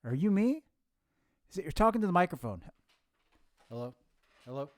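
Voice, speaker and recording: A man's voice: on the high side, sing-song, brisk, pauses often, no echo. A man hosting a comedy show, asking bewildered, exclamatory questions in a sketch where he talks to himself. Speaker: host.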